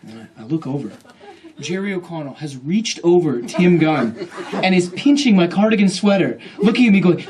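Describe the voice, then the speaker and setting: A man spins a comic story for a live crowd at a bookstore, talking quickly in a fairly high voice. He is animated and keeps acting out the other people in the story. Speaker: author at a bookstore reading. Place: bookstore event room.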